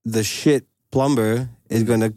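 Male rapper guest, laid-back and casual, mid-pitched, dry close sound. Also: steady tone, measured pace, warm tone, no room sound. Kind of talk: casual podcast chat.

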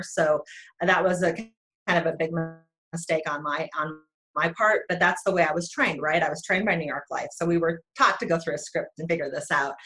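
A woman's voice: lowish voice, fairly bright tone. Chatty woman from North Dakota. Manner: chatty, self-deprecating, many fillers. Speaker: guest. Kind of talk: casual chat.

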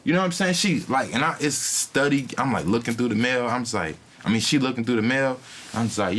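A man co-hosting a podcast, telling a profane, animated story in casual chat and acting out what people said. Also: medium pitch, quick pace, slight background noise. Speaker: podcast co-host.

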